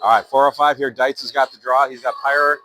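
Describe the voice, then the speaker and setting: Youth hockey commentary comes from an amateur announcer whose medium-pitched voice is bright, pushed and steady, running a little fast. He rambles, fills pauses, corrects himself and reads sponsor plugs between plays. The recording is rough, with a little hiss or hum.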